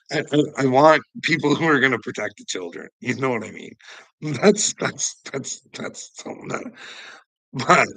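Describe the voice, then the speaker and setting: A man's voice: medium pitch, vocal fry, pushed and bright, no echo, rough recording. A man vlogging in a heated, profane casual rant, chuckling between points. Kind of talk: casual ranting monologue.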